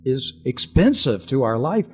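Husky older man telling a testimony. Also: mid-range voice, measured pace. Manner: earnest, animated storyteller with many restarts. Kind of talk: storytelling in a Christian talk show.

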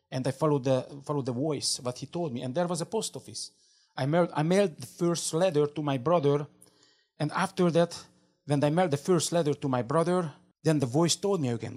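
A man's voice: on the high side, darkish tone, breathy edge. A man who learned English as a second language, telling a fervent faith testimony as an interview guest, in broken English full of restarts and repeated words. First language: not English.

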